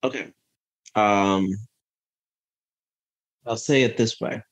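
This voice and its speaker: A man's voice: mid-range voice, unhurried. A man as a podcast guest, telling a personal story in an earnest, reflective way, often checking in with "right?" and restarting his sentences. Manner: earnest, thinks aloud with frequent "right?" and restarts.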